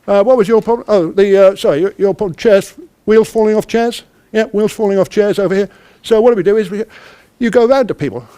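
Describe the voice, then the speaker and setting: A man's voice: high voice, fairly quick, mellow, smooth. A man, a project manager, giving an interactive workshop talk who quizzes the audience and acts out little dialogues. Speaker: conference speaker, project manager.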